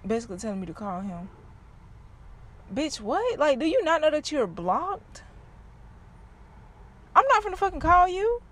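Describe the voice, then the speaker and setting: A young woman talks straight to her viewers, blunt and full of profanity. Her voice sits a little high, and she tells her stories in an animated, unscripted way. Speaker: vlogger. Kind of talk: casual unscripted rant to viewers.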